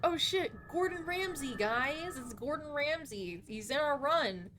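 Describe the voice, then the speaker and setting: A young woman live-streaming a video game, chatting to viewers in an excitable way, laughing often and swearing now and then. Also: sits high, a little slow, slight background noise. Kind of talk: live gaming stream chat.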